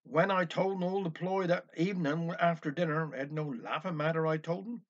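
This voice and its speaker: High-voiced dialect storyteller man. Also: a little fast. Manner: chatty folksy narration with old sayings. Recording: dull lo-fi recording.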